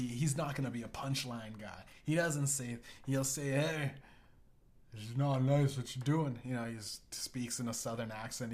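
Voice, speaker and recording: A male podcast host talks in a middle-range voice, neither high nor low. He swears constantly, stumbles over his words and keeps tacking on "right?". The delivery is a loose, casual monologue. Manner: profane, stammering, full of restarts and "right?".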